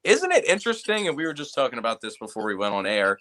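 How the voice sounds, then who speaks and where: A man guesting on a podcast, playful and excitable, laughing often as he talks. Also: mid-range voice, fast talker. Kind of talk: casual interview chat.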